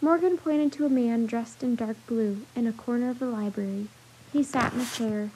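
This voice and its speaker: A woman reading a children's chapter book aloud as storyteller, in a steady, gentle way. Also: a little high, moderate pace, background noise.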